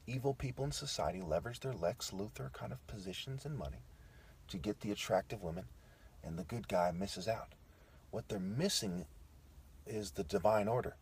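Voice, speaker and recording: A man's voice: sits low, slight background noise. A man delivering a combative, profane, preachy monologue, tagging his points with "okay" and "right.". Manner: repeats "okay" and "right" as tags. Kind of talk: ranting monologue.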